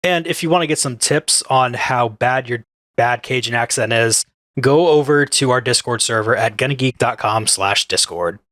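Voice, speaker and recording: A man's voice: mid-range voice, moderate pace, a bit bright, no echo. A man co-hosting a casual podcast, joking in a laid-back way. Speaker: podcast co-host.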